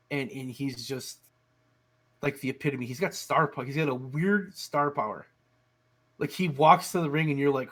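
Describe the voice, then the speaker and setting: A man co-hosting a casual podcast chat, telling animated stories and swearing freely. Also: medium pitch. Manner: animated storyteller, swears a lot. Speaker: podcast co-host.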